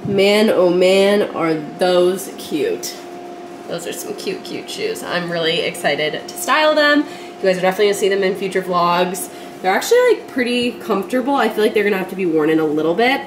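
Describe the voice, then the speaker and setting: Young woman vlogging at home, super gushy, says like a lot, kinda hissy noisy audio. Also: medium pitch. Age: young adult. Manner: gushing, excitable, heavy use of "like". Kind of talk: casual vlog chat. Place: her apartment at night.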